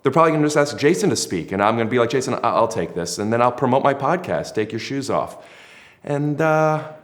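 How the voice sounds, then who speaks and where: A man's voice: medium pitch, lively intonation, fairly quick. A man hosting a podcast in casual chat, rambling and self-mocking, with lots of hesitant fillers. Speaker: podcast host.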